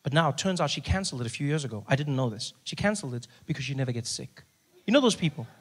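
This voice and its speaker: A man telling a stand-up story, acting out other voices and rising to shouts. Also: mid-range voice, expressive, rapid-fire, slightly rough. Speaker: stand-up comedian.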